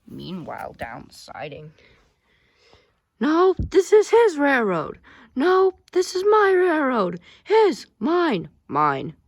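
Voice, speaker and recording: A woman's voice: fairly low pitch, big pitch swings, takes it slowly, pauses often, noisy background, heavily acted. A woman voicing a goofy, talkative male toy train engine that squeals, yelps and mocks itself. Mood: bickering. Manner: playful, self-mocking, squeals and yelps. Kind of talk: playful toy role-play.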